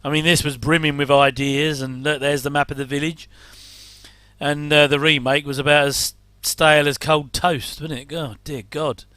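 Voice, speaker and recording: A man's voice: fairly high pitch, level tone, normal speed, sharp tone, no echo. A middle-aged English man rambling casually through a reaction commentary, with chatty, self-deprecating asides. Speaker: host.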